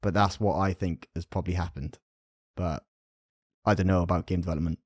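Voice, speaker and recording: A man hosting a gaming podcast, with a very deep and mellow voice. He speaks in a friendly way and hedges his theories. The recording is close and dry. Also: steady tone, brisk, no echo. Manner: chummy, hedging speculation. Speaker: podcast host. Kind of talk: casual gaming podcast chat.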